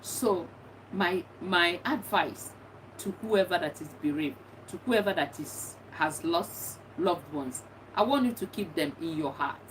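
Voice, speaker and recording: A woman's voice: fairly low pitch, expressive, a little slow. A middle-aged woman, a bereaved mother, giving earnest and encouraging advice, often repeating herself. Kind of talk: personal testimony talk. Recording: distant mic with faint background noise.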